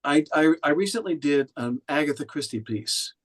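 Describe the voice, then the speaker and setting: A man's voice: fairly high pitch, lively intonation, normal speed. A man from Oklahoma, an audiobook narrator and director, giving conversational feedback with frequent restarts. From Oklahoma, USA. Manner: thoughtful, with frequent restarts and fillers.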